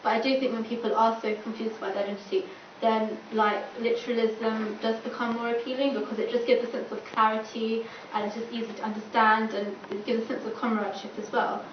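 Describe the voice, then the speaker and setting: Her delivery is flat and fairly quick with few pauses, in a fairly high voice. A young student campaigner on a panel, she chats away using plenty of "like" and acting out quoted dialogue, recorded from a distance in an echoey, dull, noisy room.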